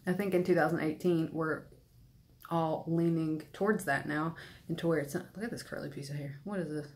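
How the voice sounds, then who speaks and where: A woman's voice: sits low, fairly even intonation, fairly quick, a little mellow. A young woman talking earnestly and a bit ramblingly in a personal vlog, sprinkling in lots of "like.". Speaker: beauty vlogger.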